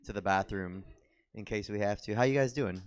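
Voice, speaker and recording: A man's voice: fairly low pitch, a little fast. A young man doing a stand-up comedy set on a theater stage, rambling and self-deprecating with lots of ums and restarts.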